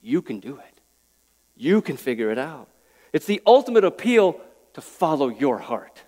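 A man's voice: a little high, very animated, normal speed, a little mellow. A pastor preaching an earnest, pleading sermon, a man who often restarts his words. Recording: echoey hall with long reverb.

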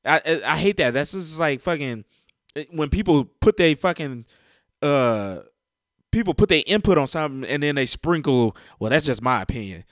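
A man's voice: a little high, expressive, normal speed, no echo, clean studio sound. Profane exasperated man ranting. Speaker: sports fan commentator. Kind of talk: heated casual rant.

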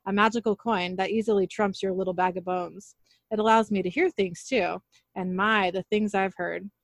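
A woman's voice: mid-range voice, steady tone, normal speed, no echo. Dry-voiced woman casually retelling a story. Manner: reads every character's lines in her own voice, laughing at her slips. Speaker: narrator retelling an episode. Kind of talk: casual recap reading lines aloud.

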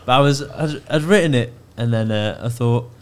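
A man's voice: medium pitch, moderate pace. Dry, hesitant male comedian. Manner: dry, hesitant, filler-heavy. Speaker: podcast guest, comedian. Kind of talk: casual comedy chat.

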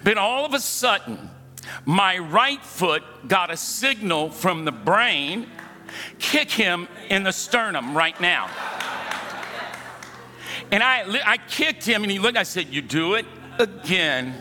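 Male pastor, high and bright, mid-sermon with call-and-response, reverberant sanctuary, faint band underneath. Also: expressive, takes it slowly, pauses often. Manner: calls for congregation responses, storytelling, humorous asides. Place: church sanctuary. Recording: hall reverb with faint music.

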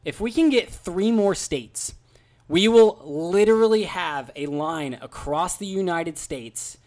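A man co-hosting a podcast in casual chat, easygoing and quick to laugh while telling stories. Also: sits high, a little mellow. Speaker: podcast co-host.

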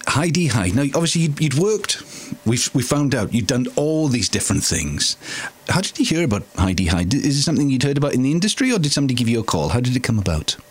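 A man's voice: mid-range voice, sing-song, slightly rough. Male host, conversational, stop-start questions. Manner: halting, restarts questions. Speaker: interviewer host. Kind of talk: conversational interview.

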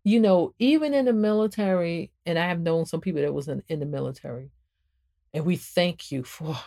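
A woman hosts a spiritual talk in a sermon-like manner and speaks straight to her listeners. Her voice sits low and sounds warm and mellow. She keeps swinging her pitch for emphasis and repeats her phrases. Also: brisk, vocal fry. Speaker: podcast host and author.

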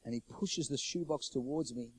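A middle-aged pastor preaching a sermon, swinging from loud, urgent declarations to hushed, intimate storytelling. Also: male voice, medium pitch, normal speed, a little hiss or hum, low-quality recording.

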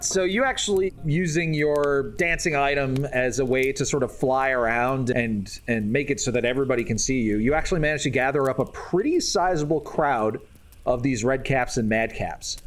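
Loose male game master, animated pitch, casual narration. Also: moderate pace.

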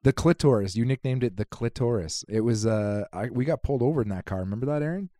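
A man's voice: mid-range voice, fast, warm tone, no room sound, studio quality. A man co-hosting a podcast, telling rambling stories in casual chat with restarts and the odd swear. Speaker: podcast co-host.

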